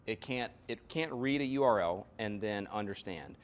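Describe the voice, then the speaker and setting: A man's voice: on the low side, lively intonation, normal speed, clear, resonant tone. A man presenting a live workshop, explaining ideas through examples and analogies and checking in with "right?" and "you know". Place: workshop room.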